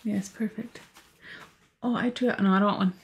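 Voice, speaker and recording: A woman's voice: mid-range voice, fairly even intonation, very fast. A woman co-hosting a reaction channel, chatting casually with a playful, teasing manner and dry jokes. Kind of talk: casual chat.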